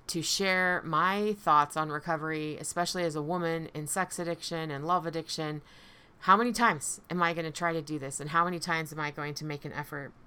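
Woman podcast host and coach, low-pitched, forceful tone, heartfelt reflective solo talk. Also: clean tone. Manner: earnest, heartfelt, repeats phrases for emphasis. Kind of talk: personal reflective podcast monologue.

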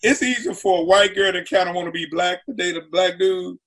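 A comedian guest on a talk show, telling stories in a lively way and acting out quotes, sometimes shouting. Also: male voice, sits high, a little fast. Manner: acts out quotes with loud shouting asides. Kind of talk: animated storytelling on a talk show.

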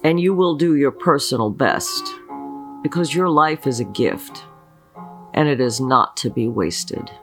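An earnest spiritual teacher talks at an unhurried, deliberate pace, with a voice that swoops widely up and down. The talk leans on rhetorical questions and frequent check-ins with the listener. Faint guitar music plays softly underneath. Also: mid-range voice, animated. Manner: earnest, asks many rhetorical questions, often checks in with "okay". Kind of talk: slow motivational spiritual talk leading a mantra.

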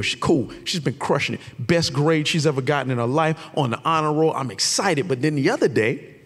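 A man preaching a lively, conversational sermon, shouting out his key points. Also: a little high, a little fast, husky, long reverb tail. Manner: animated and conversational, with shouted emphasis. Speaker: pastor.

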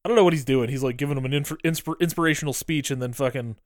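A man co-hosting a podcast, retelling a film's plot in casual, animated chat and swearing freely. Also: medium pitch, racing, no room sound, clean studio sound. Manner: animated retelling with quoted voices, frequent swearing. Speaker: podcast co-host. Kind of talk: casual movie recap chat.

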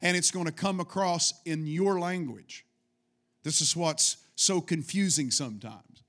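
A man's voice: on the high side, unhurried, a bit bright. A middle-aged man preaching a fervent sermon to his congregation and calling for responses. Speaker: pastor.

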